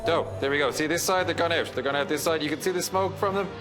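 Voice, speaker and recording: A man's voice: a little high, quick pace, over music. A man demonstrating a science experiment for children, enthusiastic and explanatory. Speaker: science presenter.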